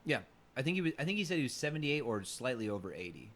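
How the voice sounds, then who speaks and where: Lively, joking male podcast co-host. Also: medium pitch, quick pace. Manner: animated, joking. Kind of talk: casual chat.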